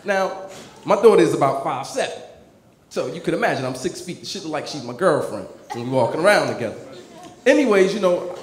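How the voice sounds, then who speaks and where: Profane, high-voiced stand-up comedian. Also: male voice, a little fast, echoey room, a little hiss or hum. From New Jersey. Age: 30s. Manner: profane, animated storytelling, many filler restarts.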